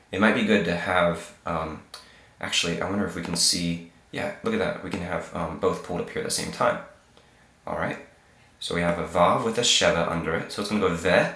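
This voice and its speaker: A man with a very low voice walks learners through a reading lesson at his computer. He goes slowly and patiently, repeating every sound. The room adds a noticeable echo. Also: pushed and bright. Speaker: Hebrew teacher. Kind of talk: screen-share reading lesson. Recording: roomy echo.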